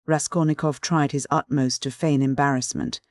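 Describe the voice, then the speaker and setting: Narrator: man, measured literary reading, slightly high pitch, dry studio sound. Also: fairly even intonation, no echo. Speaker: audiobook narrator.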